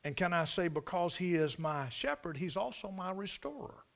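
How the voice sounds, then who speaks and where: Preacher swinging loud to hushed. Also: male voice, sits high, animated, normal speed, vocal fry. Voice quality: folksy storytelling preacher, swings from loud emphasis to hushed near-whispers. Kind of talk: sermon.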